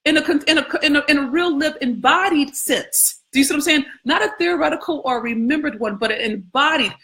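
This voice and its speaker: A woman's voice: high voice, fairly quick, fairly bright tone. A woman hosting a casual scripture contemplation, talking conversationally with frequent questions, profanity and laughter. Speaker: host.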